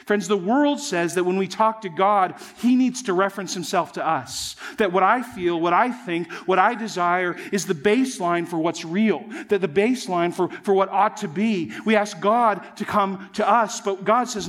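A man's voice: sits high, moderate pace, few pauses, a bit bright. A man preaching a sermon as pastor, earnest and emphatic, often addressing his listeners as friends.

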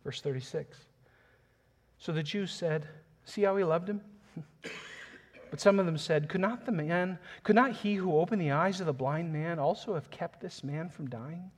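Pastor, male, slightly high voice, earnest sermon delivery that swells into passionate emphasis. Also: normal speed. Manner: reads scripture aloud, chuckles softly.

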